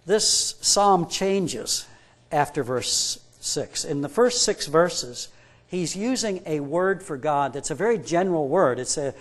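A man's voice: fairly high pitch, expressive, slow pace. A man preaching a sermon, stressing his points with rhetorical questions and retelling a story by acting out both people in it. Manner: emphatic, builds up with rhetorical questions. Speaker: pastor.

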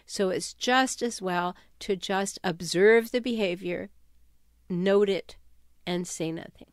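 A woman giving advice on toxic relationships in an emphatic, animated way. She sometimes drops her voice to act out quoted sarcastic remarks. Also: medium pitch, clear, resonant tone, dry recording, clean studio sound. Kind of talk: talking-head advice video.

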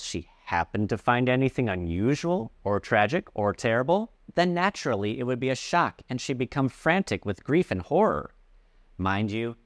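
A man teaching English, reading a story aloud and clearly explaining words along the way. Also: medium pitch, no echo, clean studio sound.

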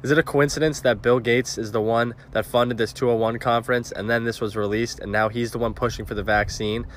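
A man's voice: medium pitch, fairly even intonation, fairly quick, a bit bright, slight background noise. A man giving an insistent, preachy monologue to camera. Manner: earnest, insistent.

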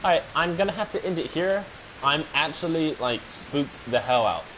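Young male gamer, panicky and swearing, slightly high voice, game noise behind. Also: animated, normal speed, fairly bright tone. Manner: panicky, swearing, repeats himself. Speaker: gaming video host. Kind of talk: horror game commentary.

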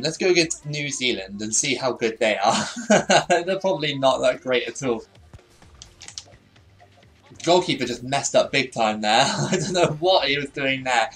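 A young man casually commenting on his gameplay, chatty and self-deprecating, laughing often and bursting out excitedly at goals. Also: mid-range voice. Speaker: gaming YouTuber.

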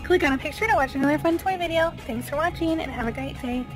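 A woman's voice: high-pitched, fast talker, over music. A woman hosting a toy video, cheerfully speaking straight to the kids watching.

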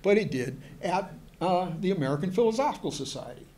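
A man with a somewhat high voice delivers a lecture to an audience. He keeps stopping on uh and um and restarting his sentences, and he drifts into chatty, joking asides. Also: lively intonation, a little fast, darkish tone, slight background noise. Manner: hesitant, full of fillers and restarts. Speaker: museum historian giving a presentation.

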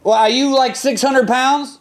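A man with a very high, thin voice plays a deputy in live role-play voice chat. He is brash and foul-mouthed and needles his target relentlessly. His voice comes through a close headset mic. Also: steady tone, a little slow. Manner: brash, profane, taunting. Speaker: player acting as a sheriff's deputy.

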